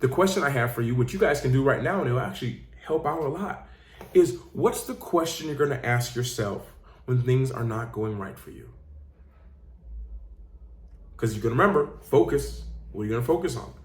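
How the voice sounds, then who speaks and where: A man's voice: medium pitch, animated, moderate pace. A man, a life coach and host, giving an earnest motivational talk with emphatic, repeated phrases. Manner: earnest, emphatic storytelling with repetition. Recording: roomy echo.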